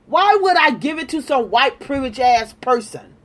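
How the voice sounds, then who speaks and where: A woman's voice: high-pitched, animated, normal speed. A woman delivering a heated, profane political rant, repeating her points with emphasis. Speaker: political commentator.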